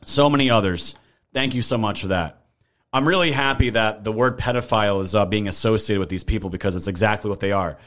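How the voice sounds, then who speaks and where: A man's voice: on the low side, brisk, a bit bright. A man hosting a political live stream, ranting in a heated, profane way and thanking viewers in chat. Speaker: livestream political commentary host.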